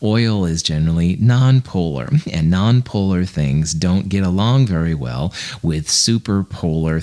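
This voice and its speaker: A man teaching a recorded chemistry lecture in a relaxed, conversational way, with fillers and small asides. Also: extremely low pitch. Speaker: chemistry instructor.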